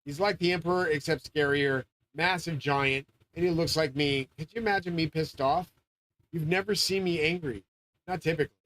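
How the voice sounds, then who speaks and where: Profane ranting man with a higher voice. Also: moderate pace, low-quality recording. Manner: rambling, swearing, grandiose; often yelling. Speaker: channel host. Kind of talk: profane monologue rant.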